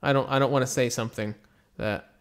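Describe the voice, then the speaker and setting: A young American man teaching English in a casual live stream, slowly repeating example phrases and answering questions. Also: medium pitch. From United States. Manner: relaxed, slow repetitions of example phrases, mixes in Turkish.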